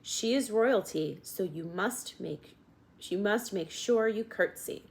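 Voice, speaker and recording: A woman's voice: medium pitch, slow pace, gravelly, voice pushed up. A woman voicing a dour head of the castle serving staff who gives stern instructions.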